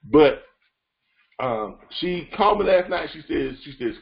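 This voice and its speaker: A man's voice: fairly high pitch, unhurried. Upbeat coaching man on a muffled call. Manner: repetitive, coaching, animated retelling. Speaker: freight broker trainer. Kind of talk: motivational training call.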